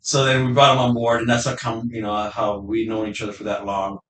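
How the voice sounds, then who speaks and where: A middle-aged man hosting a casual talk, speaking haltingly and repeating his words. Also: mid-range voice, completely flat delivery, fairly bright tone, far from the mic. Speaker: podcast host and gym owner. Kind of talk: casual conversation. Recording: echoey room, away from the mic, faint noise.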